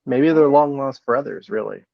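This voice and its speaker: A man co-hosting a movie podcast in a relaxed, rambling way, often stopping to restart a thought. His audio is dry and a bit muffled, like a lo-fi call mic. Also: medium pitch, normal speed, gravelly, dry recording. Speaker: podcast co-host. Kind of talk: casual chat.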